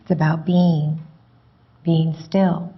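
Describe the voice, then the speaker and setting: A woman speaks slowly and calmly, with a low, husky voice, as a meditation teacher guiding a student. The recording sounds dull and lo-fi. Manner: calm, unhurried, gently explaining. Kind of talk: spiritual teaching dialogue.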